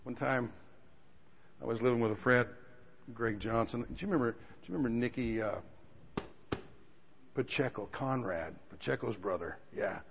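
A man preaching a sermon, telling stories with quiet asides that build to loud outbursts. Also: medium pitch, normal speed, vocal fry, long pauses, slightly rough. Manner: storytelling, swings from quiet asides to shouting. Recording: dull lo-fi recording with a long hall reverb.

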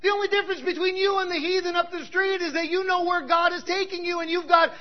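High-voiced bold preaching man. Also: fairly even intonation, fast, hardly any pauses, lo-fi sound. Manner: bold, conversational preaching with frequent "right?" asides; swings from loud exclamations to quiet asides. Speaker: pastor. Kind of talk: sermon.

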